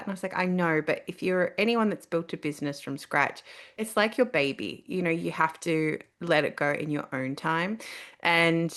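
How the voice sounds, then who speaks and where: A woman's voice: low voice, moderate pace. A middle-aged woman, a podcast guest telling her story candidly and earnestly. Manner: earnest, animated when quoting herself.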